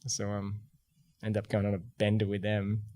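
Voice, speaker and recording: A middle-aged Australian man, a podcast guest, telling lively anecdotes in casual conversation and acting out the voices he quotes. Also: on the low side, moderate pace. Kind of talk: casual storytelling.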